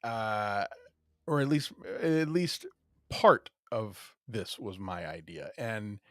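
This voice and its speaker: A man's voice: mid-range voice, no echo, clean studio sound. A man hosting a podcast in casual chat, joking, rambling with fillers and laughing often. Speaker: podcast host.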